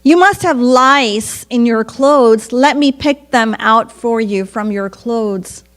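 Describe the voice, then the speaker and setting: A woman's voice: a little high, slow pace. A woman voicing a simple shepherd man as he prays tenderly and pleads. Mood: tender pleading. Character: humble simple old shepherd man praying.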